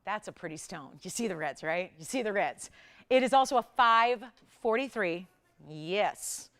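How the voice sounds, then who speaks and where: Animated woman hosting live jewelry sales. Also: medium pitch. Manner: animated, chatty, sells with rapid price talk. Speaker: shopping channel jewelry host. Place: television studio.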